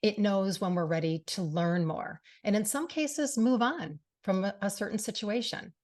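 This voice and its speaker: A woman's voice: medium pitch, normal speed, a little mellow. A middle-aged woman hosting a radio show and podcast, speaking earnestly and from the heart to her listeners, often saying "you know". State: briefly tearful. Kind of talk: personal monologue to listeners.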